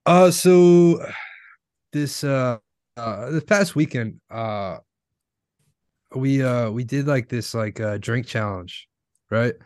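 Casual male co-host, rambling delivery, middle pitch, dry dead room. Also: slow, long pauses, a little mellow, dry recording. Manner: rambling, heavy use of filler words. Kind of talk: casual chat.

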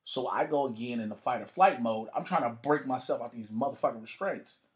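A man with a mid-range voice talks a little fast while telling a story as a guest in a casual chat. He curses freely and brings quoted people to life by performing their voices.

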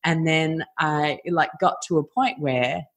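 Low-voiced aussie lady hosting a podcast, relaxed and chatty, lots of ums. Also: slow. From Australia. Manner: relaxed, chatty, filler-heavy. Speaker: podcast host. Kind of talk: casual podcast interview.

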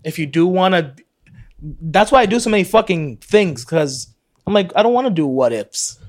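Man, fairly high voice, very animated pitch, jokey casual podcast host. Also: normal speed. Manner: joking, laughs often. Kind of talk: casual chat.

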